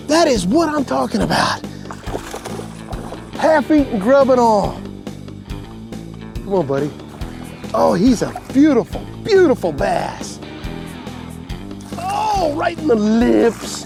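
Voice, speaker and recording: A man hosting a fishing show, giving excited commentary from a boat on a lake and talking to the fish and the viewers at home. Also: very high-pitched, slow pace, creaky, long pauses, over music. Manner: whoops and laughs, talks to the fish and the folks at home.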